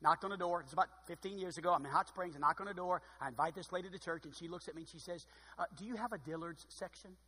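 A man preaching a sermon as pastor, expressive and dryly sarcastic, with loud emphatic bursts and quiet asides. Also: fairly high pitch, very fast, hardly any pauses, husky, in a large hall.

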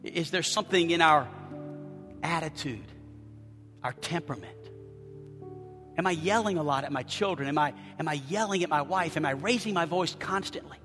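A man preaching as a pastor, swinging from quiet, confessional talk to loud, shouted passages. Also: a little high, normal speed, pauses often, in a large hall, faint music behind. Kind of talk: sermon.

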